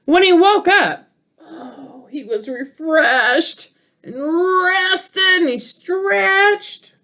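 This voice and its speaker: Slow, lively woman reading a picture book. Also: very high voice. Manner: expressive, asks listeners questions. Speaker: teacher.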